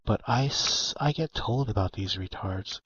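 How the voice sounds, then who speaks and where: Low-voiced man, raspy texture, blunt provocative chatter, muffled lo-fi recording. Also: measured pace, fairly bright tone. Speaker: online game player. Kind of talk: casual voice chat.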